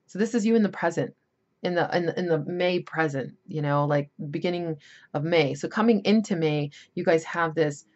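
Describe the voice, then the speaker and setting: Woman tarot reader, lowish voice, chatty and rambling, dull lo-fi sound. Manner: chatty, rambling, emphatic warnings. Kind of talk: casual tarot reading.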